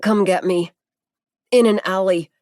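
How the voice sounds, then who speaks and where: A woman's voice: medium pitch, steady tone, extremely slow, dry recording, clean studio sound. A woman voicing a badly injured man who speaks weakly and slurs through a broken jaw, in an audiobook. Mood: pained. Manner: weak, slurred, broken-jawed speech. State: gasping in pain.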